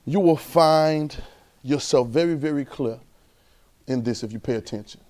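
A man preaching a sermon in a casual, conversational way, quizzing his congregation and often climbing to an excited pitch. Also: moderate pace.

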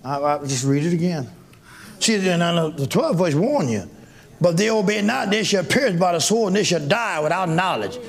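A man preaching a sermon to his congregation, folksy and exuberant, breaking into shouts and laughter. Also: high-pitched, lively intonation, moderate pace. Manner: folksy, talks directly to congregation members. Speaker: pastor. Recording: live church with crowd audible.

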